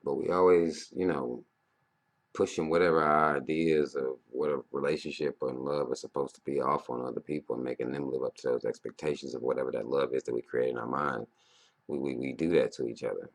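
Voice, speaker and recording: A man in his thirties with an extremely low, gravelly voice talks through a loose, profane monologue. He rambles and then bursts out loudly. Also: a little fast. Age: 30s. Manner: profane and rambling, with loud animated outbursts. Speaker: vlogger. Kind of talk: casual monologue.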